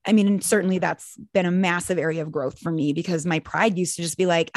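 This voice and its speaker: A woman's voice: fairly low pitch, steady tone, fast, no room sound, clean studio sound. A woman in her forties co-hosting a casual faith podcast, telling stories animatedly and acting out quotes. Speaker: podcast co-host.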